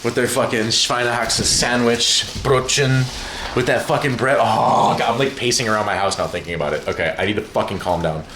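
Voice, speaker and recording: A man streaming from home, chatting casually, excitable and profane, rambling from one thing to the next. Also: mid-range voice, a little fast, roomy sound, background noise. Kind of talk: casual livestream chat.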